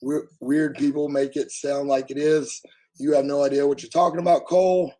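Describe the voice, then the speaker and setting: A man from the United States ranting bluntly at his live chat, his voice hoarse and damaged after covid, talking loudly so he can be heard and swearing freely. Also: a little high, little pitch movement, moderate pace, low-quality recording. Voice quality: husky, strained. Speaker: livestreamer answering chat. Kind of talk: casual live-stream rant.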